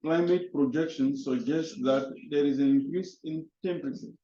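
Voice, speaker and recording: Halting male teacher in an echoey classroom. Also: on the high side, fairly even intonation, warm tone, slight background noise. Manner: halting, repeats words, switches to French. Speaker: English teacher. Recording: echoey classroom, dull lo-fi sound.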